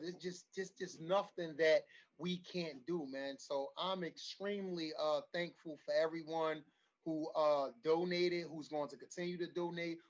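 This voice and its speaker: A man's voice: on the high side, muffled recording. A man hosting a community forum over a video call, emotional and rallying, repeating his phrases for emphasis. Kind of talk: livestreamed community meeting.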